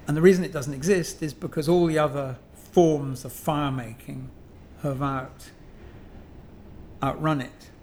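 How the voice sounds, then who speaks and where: A man's voice: a little high, steady tone, a little slow, a little mellow, a little hiss or hum. Older English man musing at length. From England. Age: 70s. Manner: musing, digressive, with many ums and self-corrections. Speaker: guest sculptor. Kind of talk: reflective conversational monologue.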